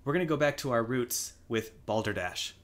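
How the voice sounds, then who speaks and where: A man's voice: medium pitch, expressive, a little fast. A man co-hosting a podcast, chatting casually, laid-back and swearing freely. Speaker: podcast co-host. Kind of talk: casual chat.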